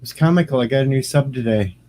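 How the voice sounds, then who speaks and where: Streamer, male, relaxed dark tone, loose rambling chat that greets viewers. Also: medium pitch, fast talker. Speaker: streamer and radio host. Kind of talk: casual livestream chat.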